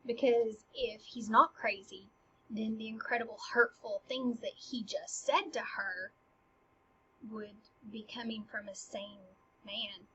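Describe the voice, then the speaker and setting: A woman casually explaining a play scene by scene. Her delivery is animated and swings between emphatic and hushed. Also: a little high, slow, lo-fi sound, slight background noise.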